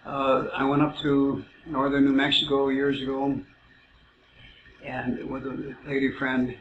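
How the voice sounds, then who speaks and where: A man telling rambling personal stories in a halting way, full of "uh" fillers. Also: medium pitch, completely flat delivery. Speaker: self-described psychic telling stories. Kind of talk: casual storytelling. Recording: roomy, muffled, noisy amateur recording.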